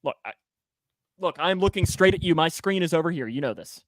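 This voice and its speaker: A man co-hosting a casual podcast, joking around and talking in quick bursts with restarts. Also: on the high side, lively intonation, dry recording. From Kentucky. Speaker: co-host.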